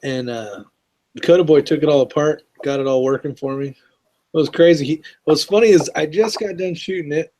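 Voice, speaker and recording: Mellow, slightly high male interview host. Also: fairly quick, slight background noise. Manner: laid-back, laughs along. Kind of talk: casual interview chat.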